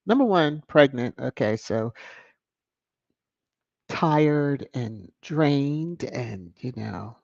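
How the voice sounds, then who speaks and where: A man hosting a live stream, reading viewer comments in a casual, animated way with laughs and sudden high exclamations. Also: extremely slow, vocal fry, long pauses, no echo, highs cut off. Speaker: livestream host reading chat.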